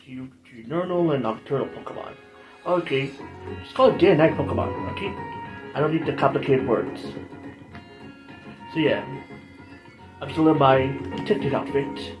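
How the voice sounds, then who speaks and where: A man's voice: mid-range voice, moderate pace, pauses often, music in the background. A man hosting his own playthrough video, talking in a rambling, jokey, self-deprecating way. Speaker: gaming channel host. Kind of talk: casual game commentary.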